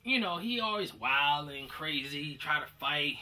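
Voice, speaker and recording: A man from Detroit telling a rambling, profane story about gym fights, acting out shouted quotes as a comedian. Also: a little high, expressive, measured pace, far from the mic. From Detroit, USA.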